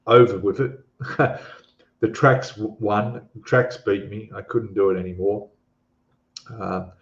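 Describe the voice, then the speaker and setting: A man with an Australian accent, hosting a live stream and chatting casually with viewers, rambling with lots of fillers and restarts. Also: fairly low pitch. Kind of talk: casual live stream chat reading comments. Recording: echoey room, dull lo-fi sound.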